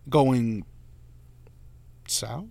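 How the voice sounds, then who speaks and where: A man in his twenties, a delivery driver, telling stories to friends in a casual, animated way, acting out the voices of the people in them. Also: medium pitch, drawn-out words, vocal fry, dry recording. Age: 20s. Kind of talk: casual storytelling among friends.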